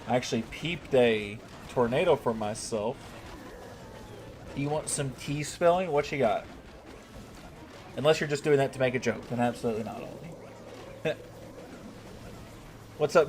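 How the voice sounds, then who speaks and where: A man's voice: mid-range voice, a little mellow, a little hiss or hum. A man from the United States streaming a strategy game, chatting casually and thanking viewers in chat by name. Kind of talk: casual livestream commentary.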